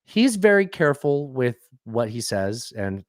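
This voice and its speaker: Male co-host, mid pitch, rambling profane chatter, dry close mic. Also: very animated, unhurried, no room sound. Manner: rambling, swears often, reads listener review aloud. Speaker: podcast co-host. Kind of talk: casual podcast banter.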